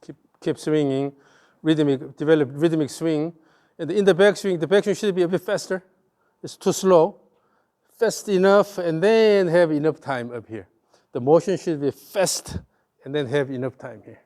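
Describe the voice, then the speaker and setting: A man's voice: on the high side, moderate pace, mellow. A man with a Korean accent giving hands-on golf swing coaching, repeating short cues in rhythm as his student swings.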